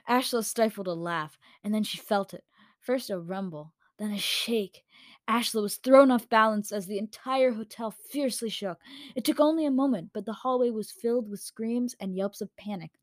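A woman's voice: a little high, normal speed, no room sound. A woman reading a story aloud in a casual way, with slips and corrections, into a home microphone. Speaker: story reader.

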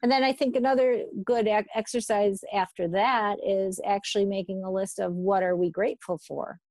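A woman's voice: mid-range voice, steady tone, moderate pace, a little mellow, dry recording. A woman therapist talking through advice in a thoughtful, hesitant way, with many fillers and restarts. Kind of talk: casual conversational advice.

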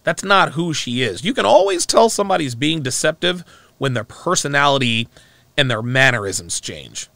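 A man's voice: medium pitch, big pitch swings, moderate pace, vocal fry, bright, forceful tone, no echo. A man giving a mocking, profane, emphatic reaction commentary on a clip he plays.

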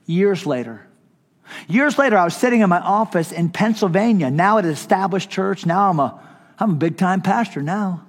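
A man's voice: high-pitched, expressive, moderate pace, in a large hall. Impassioned middle-aged male pastor preaching. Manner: impassioned, conversational, with humor. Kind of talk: sermon storytelling. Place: conference hall.

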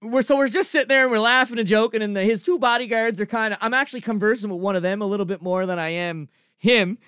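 A man from Cape Breton with a Cape Breton accent, telling a comic story in a casual, animated way, swearing, laughing often and filling with "like" and "I'm telling you.". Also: high voice, fast, clean tone, dry recording, studio quality. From Cape Breton, Canada.

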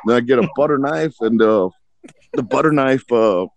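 This gravelly-voiced podcast co-host, mid-range and at a moderate pace, casually tells a lengthy, rambling story, swearing frequently and doing voices for the people in it. A little background noise can be heard.

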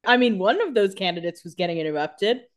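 A woman's voice: medium pitch, lively intonation, quick pace. A woman co-hosting a casual podcast, chiming in with sarcastic quips. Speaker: podcast co-host.

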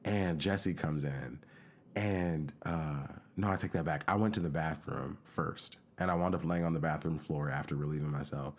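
A man with a low voice tells a long, animated story in casual podcast chat. He jumps into the voices of the people he quotes and keeps the anecdote rolling. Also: normal speed. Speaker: podcast co-host.

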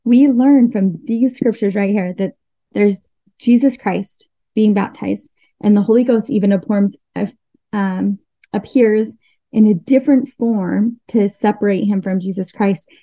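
A woman's voice: medium pitch, measured pace, warm tone, no room sound, rough recording. A woman hosting a podcast, talking through scripture in a casual, earnest way and thinking aloud with fillers and restarts. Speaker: podcast host. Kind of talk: casual scripture study talk.

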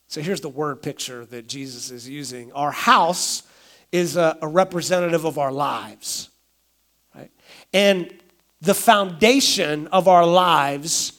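A man's voice: fairly high pitch, measured pace, a bit bright. A middle-aged man, a pastor, preaching a sermon in a conversational way, acting out everyday quotes.

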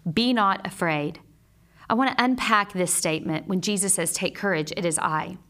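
A woman and mother teaching a Bible lesson in a measured, earnest way, mixing scripture with personal stories. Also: fairly low pitch, a bit bright.

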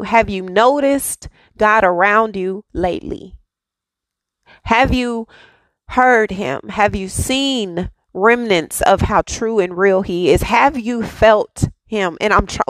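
A woman's voice: medium pitch, slow, no room sound. Fervent woman giving a devotional. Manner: fervent, repetitive affirmations, casual asides. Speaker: devotional host. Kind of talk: daily devotional talk.

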